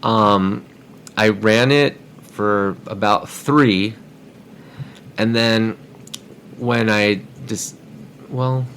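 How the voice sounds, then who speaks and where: A man's voice: fairly low pitch, fairly bright tone, slight background noise. A man telling a story casually on a podcast, rambling and repeating words as he goes.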